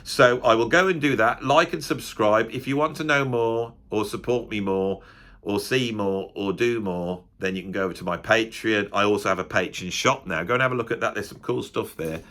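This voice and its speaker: A man's voice: on the low side, normal speed, a bit bright. A middle-aged man with a West Midlands English accent talks straight to camera in a loose, wandering vlog monologue. He pokes fun at himself and keeps tossing rhetorical tag questions at his viewers. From West Midlands, England. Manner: self-deprecating, chatty, rhetorical tag questions. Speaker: music critic YouTuber and drummer. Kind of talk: rambling casual monologue to camera.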